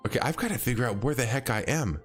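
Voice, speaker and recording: Here a man streaming a game talks fast to his audience, his medium-pitched voice lively in intonation. The chat is casual and meandering, hesitant, riddled with fillers and restarts, and he chuckles often, with faint music behind him.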